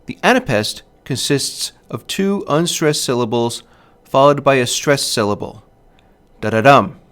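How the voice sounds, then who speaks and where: A man narrating a scripted literature lesson in a clear, measured way, sounding out stress patterns as he goes. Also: mid-range voice, lively intonation, fairly bright tone. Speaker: teacher.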